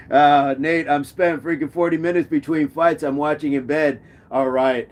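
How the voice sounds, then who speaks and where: A man's voice: a little high, steady tone, moderate pace, hardly any pauses, slight background noise. Jokey man hosting a live chat. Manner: jokey, reads comments aloud and riffs on them. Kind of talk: casual live chat, reading viewer comments.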